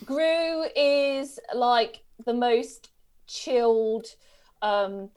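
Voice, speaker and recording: A woman co-hosting a podcast, chatting in a relaxed, hesitant way. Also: on the high side, very slow, clear, resonant tone. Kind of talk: casual chat.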